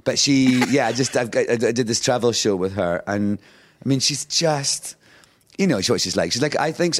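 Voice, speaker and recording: A Scottish man in his fifties, a talk show guest chatting casually and acting out the voices in his stories with frequent laughter. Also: fairly low pitch. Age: 50s. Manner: lively storyteller who acts out quotes, laughing often. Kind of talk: casual anecdotal chat.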